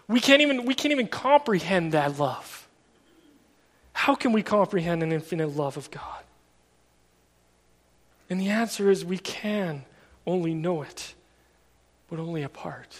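A man preaching a sermon in a casual, storytelling way, full of everyday fillers. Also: sits high. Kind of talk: conversational sermon. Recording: long reverb of a large hall.

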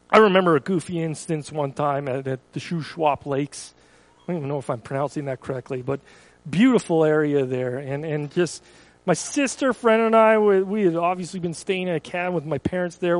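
Young male preacher, high voice, dry close sound, earnest and storytelling. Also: dry recording, poor audio. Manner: earnest storytelling, rising to urgent emphasis. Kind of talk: sermon.

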